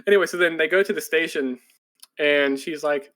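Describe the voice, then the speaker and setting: Speaking a little fast and a bit brightly, this podcast co-host wanders through an anime plot. His telling is casual and stuffed with "like," and quoted characters come out in breathless, high-pitched voices.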